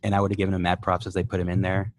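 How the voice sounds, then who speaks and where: A man with a lowish voice, chatting casually as a podcast co-host. He teases the others and laughs often. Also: completely flat delivery, very fast, a crowd in the background. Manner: laughing, teasing. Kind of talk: casual chat.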